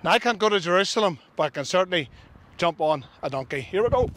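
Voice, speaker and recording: A man with a high voice gives a children's assembly talk, telling the story straight to the young listeners. He is recorded from some distance in a roomy space, so echo hangs on his words. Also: animated, fast, a bit bright. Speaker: children's ministry speaker. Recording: roomy sound from a distant mic.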